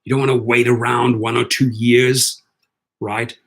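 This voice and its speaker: A man hosting a casual livestream for gig drivers, chatty and excitable, reading viewer comments aloud. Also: mid-range voice, a little slow.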